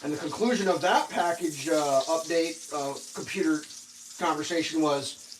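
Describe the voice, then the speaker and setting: A man's voice: fairly high pitch, moderate pace, far from the mic, a little hiss or hum, rough recording. A man telling a sarcastic, exasperated story in a casual rant while cooking in a home kitchen. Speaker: cooking vlogger.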